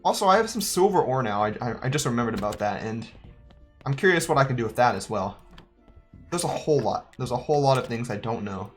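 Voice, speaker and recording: A man's voice: mid-range voice, lively intonation, brisk, soft background music. A man giving joking, chatty let's-play commentary, thinking aloud as he plays. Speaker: gaming YouTuber.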